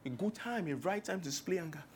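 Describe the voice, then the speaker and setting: A man's voice: high-pitched, animated, fast talker, husky. A man with a Nigerian accent preaching a sermon in a humorous, rhetorical way, piling up long spoken lists.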